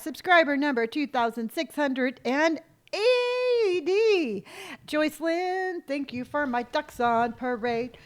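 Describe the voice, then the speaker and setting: A woman's voice: sits high, a bit bright. A woman hosting a live gaming stream in casual chat, effusively thanking viewers one by one with a playful, sing-song manner.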